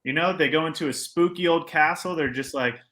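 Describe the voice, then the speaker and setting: Male podcast co-host, bright and forceful tone, animated storyteller, opinionated banter. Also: fairly high pitch, brisk. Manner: animated storyteller acting out quotes; joking, opinionated. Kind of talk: casual podcast chat.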